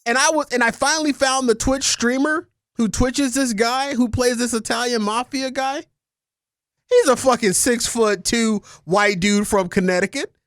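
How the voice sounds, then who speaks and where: A man's voice: extremely high pitch, steady tone, unhurried, a bit bright, no echo, studio quality. A man co-hosting a casual podcast, ranting emphatically and swearing often. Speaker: podcast co-host.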